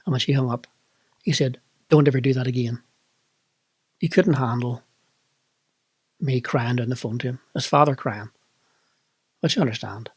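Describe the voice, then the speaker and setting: Pausing often at a moderate pace, this middle-aged Northern Irish vlogger candidly recounts something he lived through in a reflective monologue. His medium-pitched voice is slightly rough, and the recording is dry.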